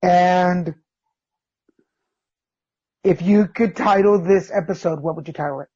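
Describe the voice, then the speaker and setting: A man's voice: sits high, measured pace, husky. Casual male podcast host, lo-fi sound. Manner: relaxed, filler-heavy, laughing. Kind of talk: casual interview. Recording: dull lo-fi sound.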